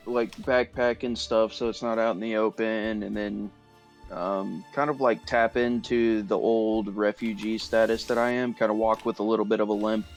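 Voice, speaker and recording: A man's voice: on the low side, little pitch movement, normal speed, faint music behind. Rambling male tabletop player. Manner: rambling, full of likes and ums. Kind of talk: tabletop game play.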